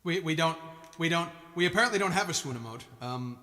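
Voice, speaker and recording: A man's voice: on the high side, expressive, fast talker, sharp tone, long reverb tail. A man musician chatting casually on his live stream, playful and rambling, tripping over his words.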